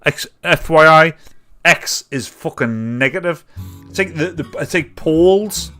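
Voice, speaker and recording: Male host, tipsy, unhurried sweary live-show patter. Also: fairly high pitch, lively intonation, sharp tone, faint music behind. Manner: sweary, rambling, laughs at his own clips. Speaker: livestream comedy host. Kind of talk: rambling live-show chat.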